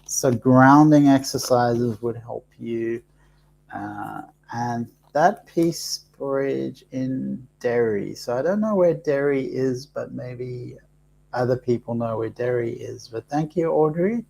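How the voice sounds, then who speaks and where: A soft-spoken man hosting a live card reading, talking slowly and haltingly with many pauses and fillers. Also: mid-range voice, creaky, slight background noise. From Africa. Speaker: host reading cards for live viewers.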